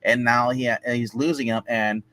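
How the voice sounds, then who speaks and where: A man co-hosting a casual movie review show, talking excitedly in rambling sentences with many restarts. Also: mid-range voice, normal speed, poor audio.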